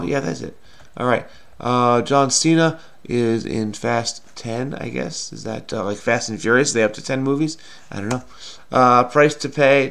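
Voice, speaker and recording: A man's voice: medium pitch, creaky. A middle-aged man solving a crossword aloud in a casual, self-muttering way, with many fillers and trailing off. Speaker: crossword solving video host.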